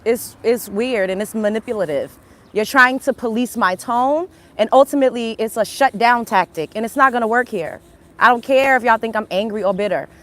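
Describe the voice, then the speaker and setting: A young woman with an African American Vernacular English accent holds forth on her livestream in a confrontational rant. Her voice sits a little high. She hammers at her points with rhetorical questions, repeating them again and again. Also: a bit bright. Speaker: livestream host.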